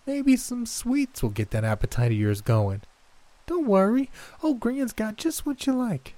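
A man voicing a menacing, sing-song old grandmother in a high falsetto that is sickly sweet and turns to growls. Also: wildly swooping pitch, unhurried, dark tone, dry recording, heavily acted. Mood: strained cheery.

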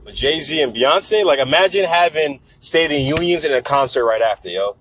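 A man's voice: fairly high pitch, lively intonation, moderate pace, fairly bright tone, a little hiss or hum, rough recording. A man in a casual, profane, joking rant who keeps slipping into mock voices. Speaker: vlogger.

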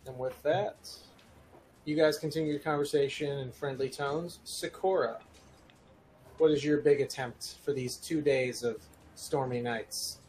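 A man narrating as game master of a tabletop role-playing game, in a relaxed, plain way. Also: medium pitch, a little slow, slight background noise.

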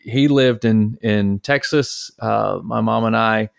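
A man from Detroit tells family stories on a podcast, with a low voice and a gravelly edge. He rambles casually, circling back with fillers and restarts. The recording is close and dry, with no room sound. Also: slow pace, no echo. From Detroit, Michigan, USA. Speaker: podcast co-host, father. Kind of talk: casual storytelling chat.

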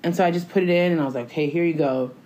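Woman podcast host, lowish voice, animated slangy storytelling. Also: rapid-fire, a little hiss or hum. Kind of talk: casual chat.

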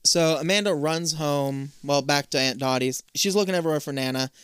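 A man co-hosting a casual chat, recapping an episode in an animated way and acting out the characters' lines. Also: fairly high pitch, brisk, clean tone, dry recording. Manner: animated storyteller acting out quotes. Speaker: podcast co-host.

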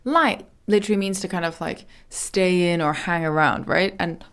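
A woman teaching Mandarin in a lesson podcast, explaining chatty and repeating words slowly and clearly. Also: lowish voice, a bit bright.

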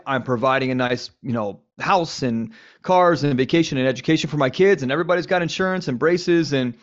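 A man's voice: on the high side, fairly quick, hardly any pauses. Candid man, dull lo-fi audio. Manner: candid, swearing, animated with lists. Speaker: podcast host. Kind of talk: casual conversation on men's lives.

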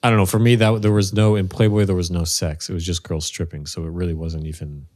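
A man co-hosting a podcast in casual chat, relaxed and laughing along. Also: deep voice, quick pace. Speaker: podcast co-host.

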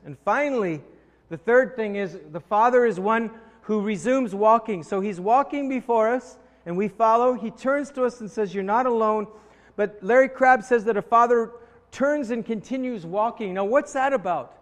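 A man preaching a sermon, telling a story and acting out quoted voices, often repeating words as he starts a thought. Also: sits high. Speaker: pastor. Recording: long hall reverb.

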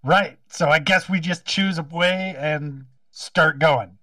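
A man's voice: on the high side, slow pace, sharp tone, no room sound, distant mic. A man playing in a tabletop game, easygoing and laughing at his own rolls. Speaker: player. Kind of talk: casual tabletop play.

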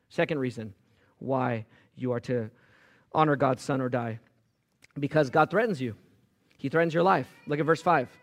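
Male pastor, emphatic sermon delivery with sharp swings between loud and hushed lines, voice sitting a bit high. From Los Angeles area. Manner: emphatic preaching with sudden loud rises and quiet drops.

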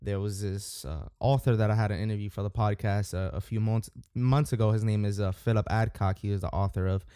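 A man's voice: fairly low pitch, steady tone, brisk, hardly any pauses, dark tone, smooth, no echo, studio quality. A man hosting a podcast, talking casually and rambling, with lots of fillers and restarts. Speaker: podcast host.

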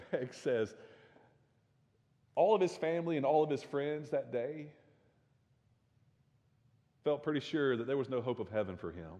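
Southern pastor preaching in a hall. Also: male voice, mid-range voice, dark tone, lo-fi sound. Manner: earnest, repeats words when restarting, rises in force at climaxes. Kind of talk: sermon.

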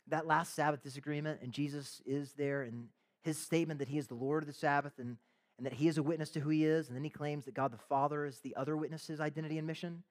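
A pastor delivers a sermon in a conversational, animated way, slipping into the voices of the people in the story and tossing in casual slang. His voice is a man's voice, a touch higher than usual. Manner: conversational preaching, acts out voices of biblical figures with slang asides.

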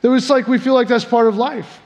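A man's voice: very high voice, steady tone, brisk, darkish tone, long reverb tail, dull audio. A man preaching a sermon as pastor, conversational and personal, telling his own stories with frequent restarts.

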